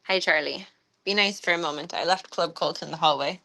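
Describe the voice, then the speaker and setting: A woman streaming from her home, chatting casually and cooing at her cats in a high voice. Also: brisk, gravelly, sharp tone. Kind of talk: casual livestream chat. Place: home with pets.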